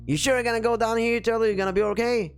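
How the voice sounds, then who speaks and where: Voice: mid-range voice, steady tone, racing, faint music behind, voice pushed up, lightly acted. A game master playing a laid-back, teasing chariot driver in a tabletop game.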